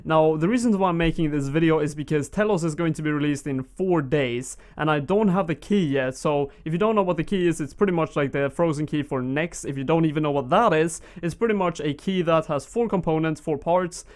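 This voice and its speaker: A man's voice: fairly high pitch, a little fast, hardly any pauses, darkish tone. Chatty Swedish-accented young man. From Sweden. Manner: chatty, rambling, with frequent fillers. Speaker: gaming YouTuber. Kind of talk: casual gameplay commentary.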